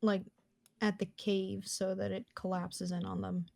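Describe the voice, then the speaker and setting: A woman's voice: medium pitch, level tone, unhurried, vocal fry, darkish tone. A woman playing a tabletop game over an online call, easygoing and giggly as she describes her character's move. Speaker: player.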